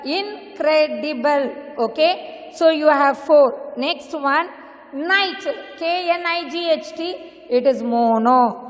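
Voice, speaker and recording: A woman with an Indian English accent teaching an English class. She spells words letter by letter and repeats each one slowly. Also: sits high. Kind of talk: classroom lesson. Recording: echoey room with long reverb.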